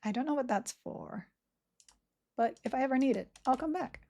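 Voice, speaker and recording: A woman's voice: sits high, warm tone. A woman chatting casually with viewers on a live game stream, laughing often and running her words together. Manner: chatty, laughs often, reads chat aloud; talks slowly, words run together. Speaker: streamer playing an online game.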